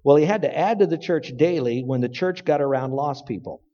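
A man's voice: fairly high pitch, brisk, warm tone. A man preaching a sermon, telling a folksy story and building to emphatic points. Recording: dull lo-fi recording with long hall reverb.

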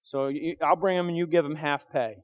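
A man acting out a stubborn gruff old carpenter. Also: fairly high pitch, steady tone, fairly quick, close to an everyday voice. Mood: matter-of-fact. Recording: dull sound with long hall reverb.

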